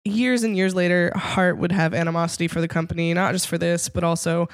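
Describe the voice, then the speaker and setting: A woman's voice: on the low side, steady tone, no echo. Chatty woman podcaster, dry close sound. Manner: chatty storytelling, quick laughs, playful. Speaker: podcast co-host presenting the segment. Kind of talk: casual podcast chat.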